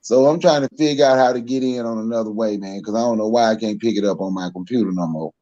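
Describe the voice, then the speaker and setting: A man's voice: lowish voice, fast, mellow, highs cut off. A Southern American man from Mississippi chats casually on a podcast, calling in by phone. He laughs easily and often, chuckling between his points. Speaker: guest.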